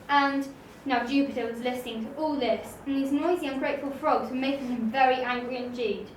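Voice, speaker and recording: A woman reading a storybook aloud in a gentle, expressive way. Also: sits high, fairly quick, few pauses, recorded from a distance. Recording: roomy room, voice off-mic, faint hiss.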